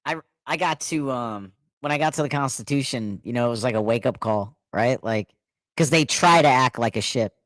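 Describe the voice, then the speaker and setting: A man telling animated stories in a casual chat, acting out what people said and laughing often. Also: mid-range voice, normal speed, no echo, rough recording. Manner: animated storyteller, acts out quotes, laughs often.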